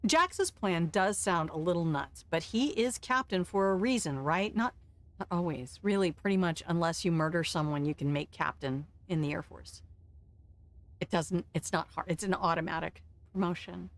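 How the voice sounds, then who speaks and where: A woman's voice: lowish voice, normal speed. An older woman streaming a game, giving blunt, frank advice with some swearing. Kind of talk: casual gameplay commentary.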